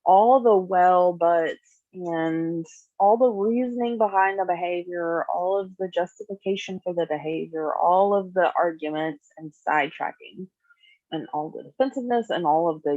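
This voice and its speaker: Gravelly-voiced woman teaching a skills class. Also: lowish voice, moderate pace, no echo. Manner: conversational, acts out example dialogue in lively voices. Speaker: skills group therapist. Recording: dull, dry lo-fi recording.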